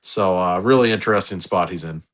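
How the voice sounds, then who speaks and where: A man's voice: sits low, brisk. A man co-hosting a podcast, chatting casually and earnestly about hockey, often restarting his sentences. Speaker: podcast co-host. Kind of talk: casual sports chat.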